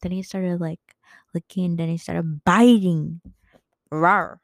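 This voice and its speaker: Giggly rambling young woman, slow and dry. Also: on the low side, steady tone, vocal fry, darkish tone, no echo. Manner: giggly, rambling, loses her train of thought. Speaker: podcast host. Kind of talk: casual solo podcast chat.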